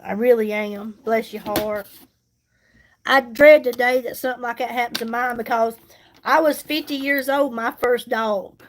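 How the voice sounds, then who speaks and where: A woman's voice: a little high, steady tone, normal speed, a little hiss or hum. A woman, chatting casually with viewers while she does her makeup on a livestream, folksy and reassuring. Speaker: makeup livestream host and seller. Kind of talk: casual live chat while doing makeup.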